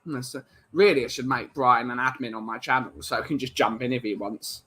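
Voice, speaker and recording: A man's voice: mid-range voice, fairly even intonation, fairly quick, sharp tone, breathy edge. A man from England hosting a casual live-stream podcast, rambling chattily and greeting chat viewers by name.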